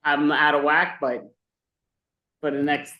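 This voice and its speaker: A man's voice: fairly high pitch, level tone, takes it slowly, pushed and bright, echoey room. A man hosting an online comedy show, loose and a bit scattered as he thanks acts. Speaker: show host.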